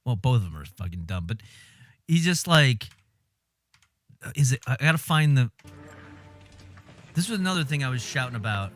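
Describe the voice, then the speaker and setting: A man streaming casual commentary on film clips, animated and exasperated, swearing and laughing as he talks. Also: on the high side, no echo, studio quality.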